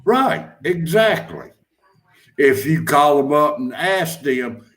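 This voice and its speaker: Slow-drawling Southern man. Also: a little high, expressive, fairly bright tone, reverberant. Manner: slow drawl, laughing, blunt. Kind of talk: casual chat.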